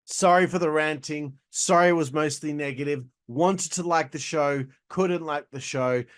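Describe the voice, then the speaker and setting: A man's voice: fairly high pitch, normal speed, fairly bright tone. A young man hosting a casual show, giving a blunt, exasperated review and swearing freely. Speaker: host reviewing wrestling shows.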